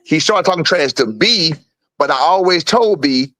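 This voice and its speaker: A middle-aged boxing father, appearing as a guest, tells stories in street slang at a moderate pace, acting out people's voices with big pitch jumps. He keeps saying "you feel what I'm saying" in this casual, animated chat, captured in a rough recording with no echo.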